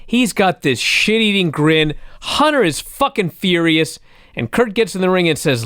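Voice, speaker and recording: Animated, profane man retelling with gusto. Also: sits high, moderate pace, clean tone, no echo, clean studio sound. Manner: profane, excitable storytelling. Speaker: podcast co-host recapping wrestling. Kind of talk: casual chat.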